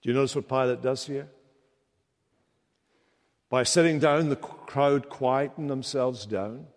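A man's voice: mid-range voice, measured pace. A middle-aged man preaching a sermon, dramatic, rising to impassioned rhetorical questions. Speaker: pastor. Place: church sanctuary. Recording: long church reverb.

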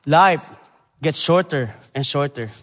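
A man's voice: fairly high pitch, lively intonation. Earnest young man preaching in a church. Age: young adult. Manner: earnest, halting non-native English, swings from loud emphasis to quiet. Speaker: preacher, Bible college graduate. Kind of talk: church sermon and missions presentation. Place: church sanctuary. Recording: long church hall reverb.

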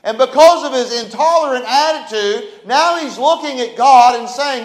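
A man's voice: very high voice, lively intonation, brisk, few pauses, echoey room. A man preaching a sermon in an emphatic style, reading scripture and pressing his point. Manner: emphatic, preaching with Bible verses and a short prayer.

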